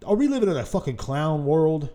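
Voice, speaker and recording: A man hosting a solo podcast, ranting casually and profanely, swinging between low mutters and loud outbursts. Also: very animated, brisk. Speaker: podcast host.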